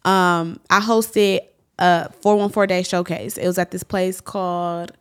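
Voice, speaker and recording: A woman in her thirties from Milwaukee, a guest telling her story in a casual interview with animated bursts. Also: fairly low pitch, a little slow, clean tone. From Milwaukee, USA. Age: 30s. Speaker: event organizer, guest.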